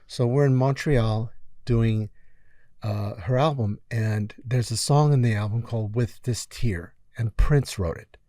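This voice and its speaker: A man's voice: medium pitch, unhurried, no echo. A middle-aged man, a music producer guest, telling stories casually in an interview, acting out quotes with lots of fillers. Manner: animated storyteller acting out quotes, many fillers.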